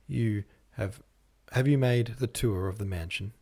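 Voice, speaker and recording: A man's voice: fairly low pitch, a little slow, a little mellow. A man voicing a kindly young man who speaks in light, mock-formal banter. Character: wry, kindly young man, gently ironic.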